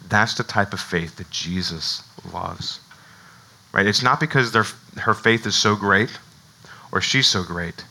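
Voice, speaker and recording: Male pastor, middle-aged, very bright voice, chatty animated sermon delivery. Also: medium pitch, poor audio. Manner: conversational, animated, frequent restarts and "right?".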